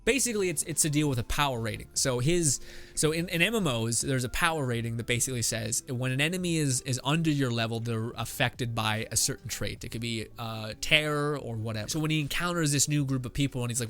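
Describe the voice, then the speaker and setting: A man talks fast in a medium, slightly bright voice while hosting a podcast. He's making up a story as he goes, thinking out loud in a meandering, profane way thick with fillers, and faint music sits in the background.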